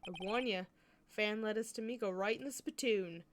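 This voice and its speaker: A woman's voice: mid-range voice, background noise, close to an everyday voice. Woman putting on a drawling cowboy lawman. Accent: put-on Southern American drawl. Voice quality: slow poetic drawl. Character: drawling cowboy patrolman, laid-back and theatrical. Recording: game music playing behind.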